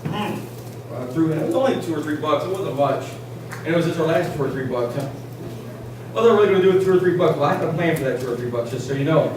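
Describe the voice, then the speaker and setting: Man, preacher, sermon, emphatic shouting, filler-heavy storytelling, heavy room reverb, clear background noise. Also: fairly high pitch, expressive, fast. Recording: echoey church, distant mic, background noise.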